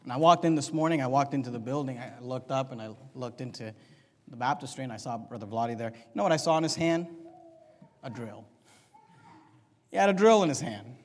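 High-voiced preacher in a reverberant church. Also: male voice. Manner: preaching with big swings between shouting and quiet storytelling. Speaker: pastor. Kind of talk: sermon. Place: church sanctuary.

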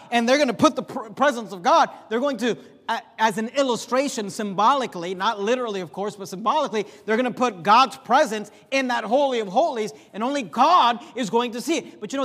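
Pastor mid-sermon: male, high voice, emphatic swings up and down, church-hall reverb. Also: fairly bright tone. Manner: emphatic, rising and dropping sharply for effect.

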